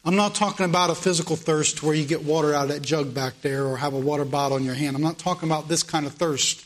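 A man's voice: fairly high pitch, steady tone, fast. A male preacher delivering a morning sermon, emphatic and repeating phrases for weight.

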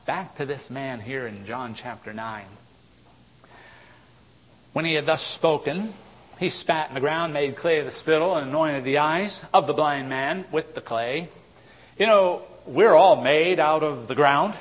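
A man preaching a sermon, swinging from loud exhortation to low, intense tones. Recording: long hall reverb.

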